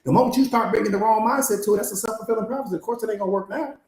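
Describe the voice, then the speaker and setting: Fast-talking emphatic male coach, echoey room. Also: high-pitched, a little mellow. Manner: emphatic, repetitive, rhetorical questions, slangy. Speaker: mindset coach. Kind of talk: live-streamed motivational master class.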